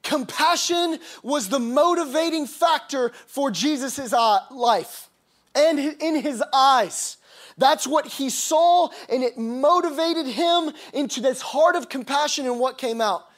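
A man's voice: very high-pitched, slow pace, a bit bright. A man preaching a sermon, reading scripture aloud and then expounding on it with emphatic, rising passages. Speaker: pastor.

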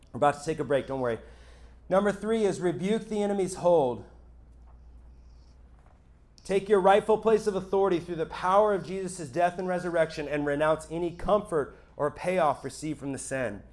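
A male pastor with a high voice preaches a sermon to a live audience. He sounds conversational and emphatic and keeps checking in with his listeners. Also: brisk.

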